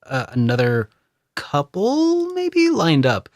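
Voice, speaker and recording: A man's voice: on the high side, wildly swooping pitch, takes it slowly, dry recording, clean studio sound. A man co-hosting a casual video game podcast, talking in a rambling, hesitant way with many restarts. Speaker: podcast co-host.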